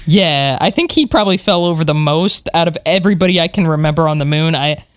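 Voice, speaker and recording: A podcast co-host telling stories in an animated way, with plenty of fillers and laughs. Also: mid-range voice, quick pace, smooth, no echo, clean studio sound. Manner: animated storyteller, many fillers, laughs while talking. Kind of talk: casual chat.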